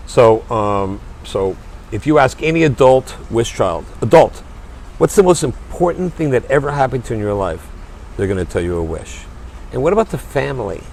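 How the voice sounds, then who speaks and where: A man's voice: medium pitch, sing-song, normal speed, gravelly, darkish tone. Male guest, passionate and emphatic, restarts sentences; light street noise in the background. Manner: earnest, emphatic, repeats words when starting sentences. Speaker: restaurant owner and charity chairman, guest. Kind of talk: passionate interview talk.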